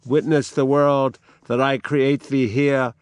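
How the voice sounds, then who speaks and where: A man voicing a dying queen who hands over her power, in a grand, slow, declamatory reading from a play. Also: mid-range voice, little pitch movement, clear, resonant tone, dry recording, voice pushed up, close to an everyday voice.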